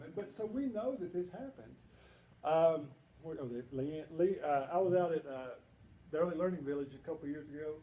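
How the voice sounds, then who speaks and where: A man's voice: on the high side, a little hiss or hum. A man giving a humorous, storytelling talk at a banquet. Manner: humorous storytelling, animated quoted voices. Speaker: speaker at a banquet. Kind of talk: conversational presentation. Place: banquet hall. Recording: echoey hall with faint ambience.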